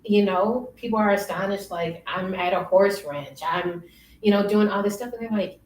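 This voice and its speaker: A young woman telling stories in a casual interview, lively and often laughing. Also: medium pitch, normal speed. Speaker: interview guest. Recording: roomy, distant, faint noise.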